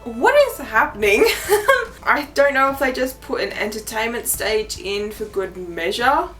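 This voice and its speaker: A young Australian woman vlogging in a casual, excitable way, laughing often and swearing casually. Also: fairly high pitch, unhurried, soft background music. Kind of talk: casual chat.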